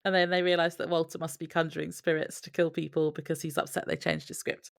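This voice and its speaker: Gravelly low-voiced woman podcast co-host. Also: level tone, fast talker. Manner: laughs often, reads from her notes. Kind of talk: casual chat recapping a TV episode.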